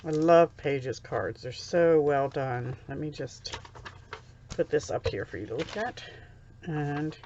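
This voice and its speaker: Slow-talking woman gushing over crafts. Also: low-pitched, warm tone, dull audio, a little hiss or hum. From USA. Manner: chatty, gushing, easily touched. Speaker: crafting vlogger. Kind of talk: casual unboxing chat. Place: home craft room.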